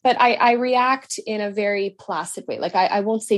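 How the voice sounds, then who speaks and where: A woman in her thirties talking in a casual podcast conversation, reflective and measured, explaining her view at length. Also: mid-range voice. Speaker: podcast guest, daughter and teacher.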